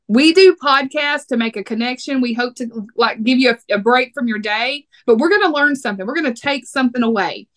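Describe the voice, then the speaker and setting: A chatty woman with a Texas accent hosts a podcast, teasing her guest in a playful way. Her voice sits high. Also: a bit bright. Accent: Texan. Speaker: podcast host. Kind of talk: casual podcast chat.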